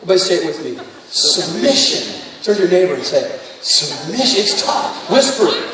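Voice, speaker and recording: A man's voice: sits high, animated, fast, a crowd in the background. A man preaching a sermon, telling stories and then rising into fervent exhortation. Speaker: pastor. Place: large church sanctuary. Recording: distant echoey hall, faint room noise.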